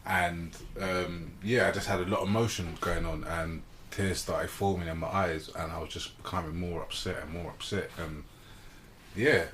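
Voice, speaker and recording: A man's voice: low voice, steady tone, moderate pace, a bit bright, slight background noise. A man co-hosting a casual podcast discussion, talking openly and easily about his own feelings. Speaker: podcast co-host.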